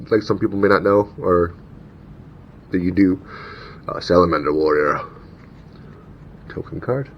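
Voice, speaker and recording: Low-voiced man reading cards aloud. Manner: reads card names and rules text aloud, chatty asides. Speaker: channel host opening card packs. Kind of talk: casual unboxing commentary. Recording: dull lo-fi recording with faint rumble.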